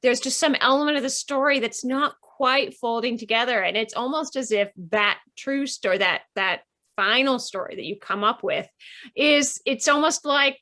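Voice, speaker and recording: A woman's voice: high voice, normal speed, bright, forceful tone. A woman novelist chatting over a video call, tossing in playful quips. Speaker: novelist, co-author and interviewer. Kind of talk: casual conversational interview.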